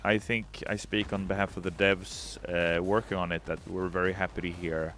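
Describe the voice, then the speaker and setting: A man's voice: deep voice, flat delivery, normal speed, a bit bright, a little hiss or hum. A man, a game developer on a livestream, chatting casually, joking and reading out chat comments. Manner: chatty, jokey, reads chat aloud.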